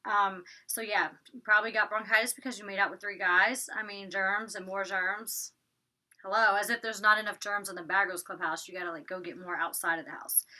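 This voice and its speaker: A young woman with a Southern drawl talks through a reality show episode in loose, chatty bursts. Her voice is very bright and forward, and she leans on "like" constantly. Her pitch sits in a middling range for a woman. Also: fairly even intonation. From Georgia, US. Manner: chatty, fast, peppered with "like". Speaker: reality TV recapper. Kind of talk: casual episode recap.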